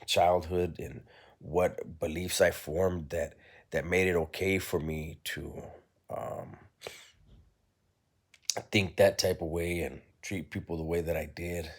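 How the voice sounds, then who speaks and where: Man, very deep voice, candid and reflective personal storyteller, blunt and unpolished. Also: steady tone, slow. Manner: blunt, reflective, peppers speech with "right?" and "you know".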